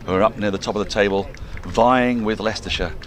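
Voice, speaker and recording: A man's voice: fairly low pitch, fast talker, crowd noise. A man giving live cricket commentary outdoors at a ground, playful and jokey as he calls the play. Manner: playful, jokey, animated delivery. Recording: open-air ground noise under the voice.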